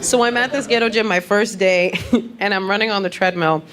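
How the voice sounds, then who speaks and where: A woman comedian telling brash, animated, streetwise stories in a stand-up set on a club stage. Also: mid-range voice, a little fast, noisy background. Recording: live club with loud audience.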